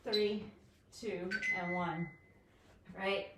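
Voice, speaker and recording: A woman's voice: medium pitch, steady tone, drawn-out words. A woman leading a home workout, counting down each set and cheering viewers on. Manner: counts down reps, upbeat and encouraging. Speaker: fitness instructor. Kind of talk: guided workout instruction. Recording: echoey room, distant mic, faint noise.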